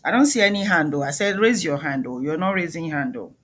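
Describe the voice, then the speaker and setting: A woman's voice: deep voice, animated, fast talker, a bit bright. A woman with a Nigerian accent giving an emphatic motivational talk, questioning the audience directly. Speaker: speaker, doctor.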